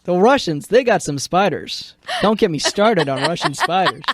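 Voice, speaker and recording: A man's voice: high voice, no room sound, studio quality. A man, the station's news director, trading jokes and retelling odd stories in a casual radio chat. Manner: jokey, animated, quick joking asides. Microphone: studio microphone.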